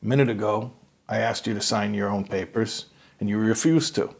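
A menacing prison camp commander speaks in a low, husky man's voice, as a male storyteller acts him out. He bargains coldly and leans on his threats. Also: normal speed. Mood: baffled.

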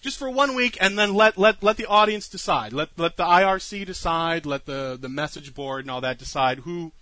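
A man's voice: on the high side, moderate pace, bright, forceful tone, dry recording. A man co-hosting a live show, teasing his partner and stammering through restarts. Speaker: podcast co-host. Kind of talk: casual live-show banter.

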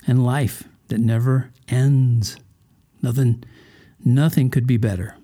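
A man hosts a religious podcast in a folksy, conversational monologue. His voice is mellow and sits at a middle pitch. He keeps turning to the listener with casual questions. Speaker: podcast host.

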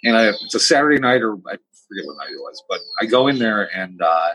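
A man who is a podcast guest, telling stories in a blunt, plain-spoken, animated way. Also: on the low side, quick pace, slight background noise, poor audio. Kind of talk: casual podcast storytelling.

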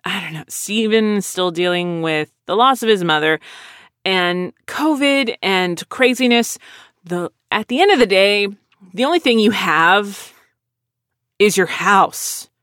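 A woman casually telling a story in a blunt, sardonic, animated way. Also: medium pitch, a little slow, no room sound, studio quality.

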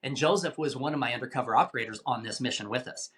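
A man telling a tense story as an interview guest, animated and given to repeating words as he talks. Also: mid-range voice, fast. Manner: animated, acts out quoted voices, repeats words.

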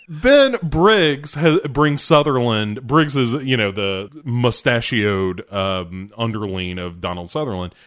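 A man co-hosting a casual movie podcast, recapping scenes with sarcasm and acting out the characters' lines. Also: mid-range voice. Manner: animated, sarcastic, acts out scenes. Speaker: podcast co-host.

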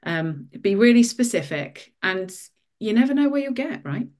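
A woman, a guest author, giving career advice in a casual interview, lively and full of ums. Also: mid-range voice, normal speed.

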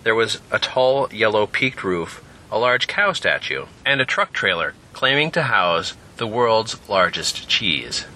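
Lively, bright-toned male narrator. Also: lowish voice, a little slow, slight background noise. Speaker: narrator and podcast host. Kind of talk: scripted story narration.

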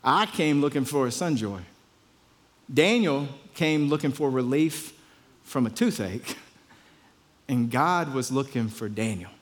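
A man's voice: medium pitch, animated, slow pace, in a large hall. A pastor telling a story in a conversational sermon, often repeating his words.

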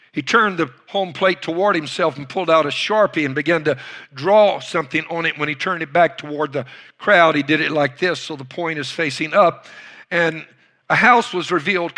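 A man preaching a sermon, retelling a story with dramatic swings from loud bursts to hushed lines. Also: fairly high pitch. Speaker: pastor.

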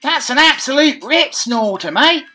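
A man putting on a loud, hammy Australian bloke who shouts out slang phrases in a high, exaggerated voice. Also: expressive, unhurried, soft background music, exaggerated voice. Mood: hammy, boisterous. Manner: shouted, hammy, high-pitched catchphrase delivery.

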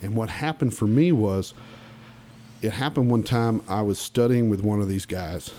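In a casual podcast interview, an Oklahoma musician speaks at normal speed in a fairly low, dark voice, recounting his youth bluntly and with emphasis. Frequent restarts break up his stories, with slight background noise behind.

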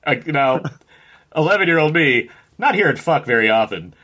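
A man's voice: a little high, animated, normal speed, sharp tone. A man in his thirties co-hosting a casual film commentary, rambling and laughing often as he talks. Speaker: podcast co-host.

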